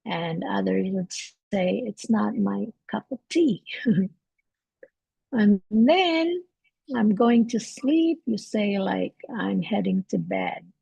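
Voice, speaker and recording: A woman hosting a live English lesson from home, talking in a relaxed, halting way with many fillers and restarts. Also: mid-range voice, vocal fry, breathy edge, no echo, muffled recording. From Canada. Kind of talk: casual livestream teaching.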